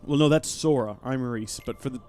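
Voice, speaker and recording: A man's voice: mid-range voice, fairly quick, faint music behind. A young man streaming live gameplay, chatting and thanking viewers as he plays. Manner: chatty and animated, thanking chat mid-game.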